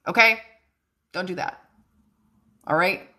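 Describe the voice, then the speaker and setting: A woman's voice: lowish voice, takes it slowly, bright, forceful tone. A young woman hosting a casual livestream as a psychic medium, chatty and bubbly, often laughing as she talks to viewers.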